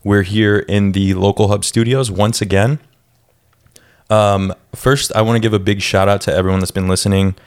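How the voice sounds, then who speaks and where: Deep-voiced laid-back podcast host. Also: male voice, fairly even intonation, normal speed, clean tone. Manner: laid-back, loose talk with fillers. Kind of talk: casual podcast chat. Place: podcast studio.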